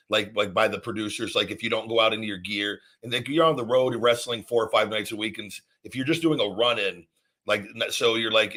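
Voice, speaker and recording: A man's voice: mid-range voice, bright, forceful tone. A middle-aged man hosting, telling a long casual story in a rambling, profane way with many restarts. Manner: rambling, profane, repeats himself. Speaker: host.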